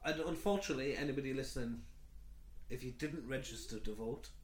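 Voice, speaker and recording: A man's voice: medium pitch, fairly quick. A man co-hosting a podcast, making dry, teasing wisecracks in casual chat. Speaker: podcast co-host. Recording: echoey room with faint noise.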